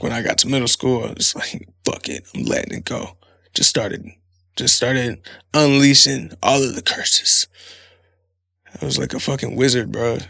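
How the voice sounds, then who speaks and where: A man's voice: medium pitch, creaky, bright, forceful tone, no echo. A man hosting a podcast in a casual comedic monologue, rambling and swearing freely, laughing often. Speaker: podcast host.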